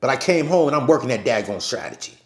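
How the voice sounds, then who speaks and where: A man hosts a live stream and speaks loudly and passionately, like a preacher. He repeats his points over and over for his viewers. His voice sits at a middle pitch. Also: sing-song, fast talker, reverberant. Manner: loud, preachy, repetitive. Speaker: channel host. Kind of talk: passionate livestream talk. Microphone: phone camera.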